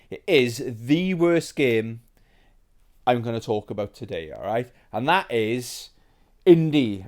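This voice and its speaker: Chatty, rambling British man in his forties. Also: medium pitch. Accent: British English. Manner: rambling, chatty, with many fillers and asides; excitable and sentimental. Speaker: retro game collector host. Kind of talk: casual nostalgic show-and-tell.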